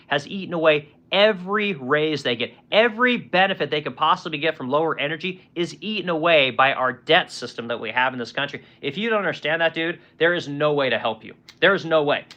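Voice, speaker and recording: Guy in his 40s ranting fast on a stream, bright edgy voice, cusses a lot, kinda muffled lo-fi audio. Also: a little high. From United States. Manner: blunt, profane, rambling with fillers and rhetorical questions. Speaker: livestream host reading chat comments. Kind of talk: casual political rant.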